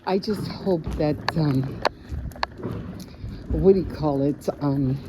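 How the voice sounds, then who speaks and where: A woman's voice: deep voice, takes it slowly. Rambling woman vlogging on a noisy walk. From Chicago area. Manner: rambling, searches for words, frequent fillers. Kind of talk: casual vlog chat while walking. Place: outdoors on a walk with a dog. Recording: noisy outdoor phone recording.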